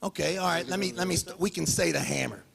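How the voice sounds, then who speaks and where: A man with a high, heavily gravelly voice fires taunting questions at a rival. His talk is heated and insistent, and it rings out with a long reverb in a large press hall. It comes across husky and rough. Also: fast, fairly bright tone, slight background noise. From Canada. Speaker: arm wrestler at a press conference. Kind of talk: confrontational trash talk. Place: press conference venue.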